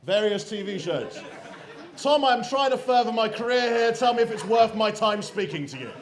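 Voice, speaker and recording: On a comedy club stage, a host with a high, expressive voice and moderate pace ribs the audience with crude jokes during live stand-up compering. The room echoes, and the loud crowd laughs and cheers.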